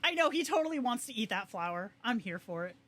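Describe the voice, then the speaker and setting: A young adult woman hosting a casual livestream, chatting excitedly and reacting to viewers with quick asides. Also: fairly high pitch. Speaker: livestream host.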